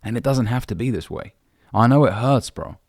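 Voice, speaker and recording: Uk guy dating coach talking straight to camera, gravelly voice, dead dry sound, swears a lot. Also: mid-range voice, expressive, fairly quick, darkish tone, no echo. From United Kingdom. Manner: blunt, brotherly, swears casually. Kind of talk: direct-to-camera advice talk.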